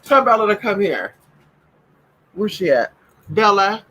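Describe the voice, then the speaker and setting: Man, sassy profane home vlog chat, high bright voice, lively swooping delivery. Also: measured pace, pauses often, a little hiss or hum, poor audio. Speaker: vlogger. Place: at home with pet dogs.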